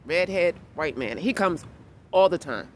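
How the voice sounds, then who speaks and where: A woman vlogging and telling a story in a blunt, animated way that turns heated. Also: fairly low pitch, unhurried. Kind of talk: casual storytelling vlog. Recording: clear outdoor street noise behind.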